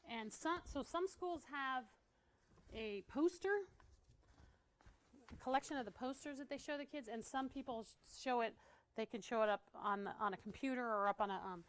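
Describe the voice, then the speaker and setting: A woman's voice: on the high side, moderate pace. Chatty woman training art teachers. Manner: chatty, acts out kids' voices, laughs often. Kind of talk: casual training talk.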